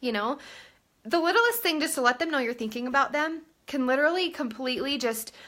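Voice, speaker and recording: A woman's voice: sits high, lively intonation, brisk, pushed and bright. A woman in her thirties chatting on a live stream from home, rambling with lots of fillers, holding her phone at arm's length. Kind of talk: casual live-stream chat. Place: home room. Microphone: phone held at arm's length.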